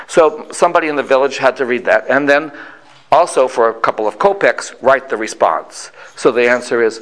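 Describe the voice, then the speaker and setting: An older man in his sixties telling a family story to listeners. His pitch rises and falls with lively swings, and he pauses for effect. His voice sits mid-range for a man. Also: rough recording. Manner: animated, dramatic pauses.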